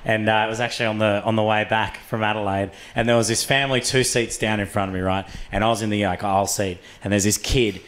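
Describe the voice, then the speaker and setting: A young Australian man doing stand-up, telling a story in a casual, sweary, excitable way. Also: on the low side, fast, few pauses. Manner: excitable, sweary, animated with laughs. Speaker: stand-up comedian.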